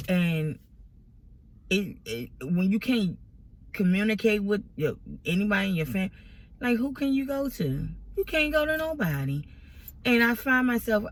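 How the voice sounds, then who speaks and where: Woman, vlogger, exasperated, fighting back tears, rambling, slight vocal fry. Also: medium pitch. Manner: tearful, exasperated, rambling with many restarts. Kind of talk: emotional personal venting to camera.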